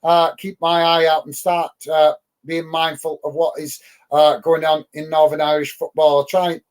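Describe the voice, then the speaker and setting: A middle-aged Englishman with a fairly high voice hosts a live football watch-along show. He chats casually with his viewers, gets worked up and emphatic about rival fans, and fills his talk with ums and uhs. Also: level tone, normal speed, clean tone. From England. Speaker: football channel host.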